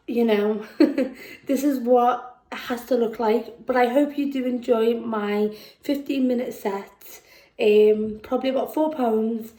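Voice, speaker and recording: A woman with a Scouse accent performing spoken word poetry at a festival, slow and measured, dropping to a hush on heavy lines. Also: fairly high pitch, roomy sound, rough recording. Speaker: poet. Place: festival venue indoors.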